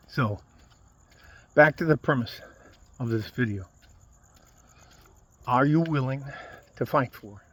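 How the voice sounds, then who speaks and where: Husky and mid-range in voice, a U.S. man who makes videos delivers an angry, profane political rant straight to camera for his viewers.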